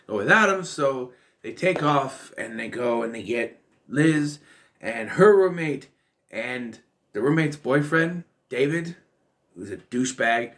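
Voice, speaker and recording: A man's voice: mid-range voice, fairly bright tone. A man giving a casual, rambling film commentary, full of fillers and restarts. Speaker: film reviewer.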